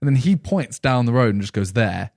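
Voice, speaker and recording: A man's voice: medium pitch, fairly quick, creaky, no room sound, clean studio sound. A young man on a podcast telling a rambling anecdote in casual chat, acting out what people said. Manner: animated anecdote telling, acts out quotes. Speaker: podcast co-host.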